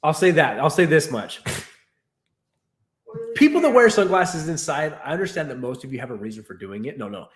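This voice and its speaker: A young man casually recounting a frustrating shopping trip, animated and exasperated, acting out the dialogue as he goes. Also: fairly high pitch, a little fast, pauses often. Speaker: fish keeper vlogger. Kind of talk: casual storytelling rant.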